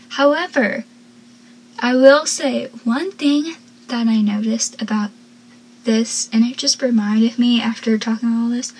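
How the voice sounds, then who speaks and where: A woman's voice: on the high side, darkish tone, slightly rough, poor audio. A young woman talking casually about a TV episode, rambling and chatty, sounding tired. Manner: chatty, rambling, with frequent laughs. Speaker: TV show recapper.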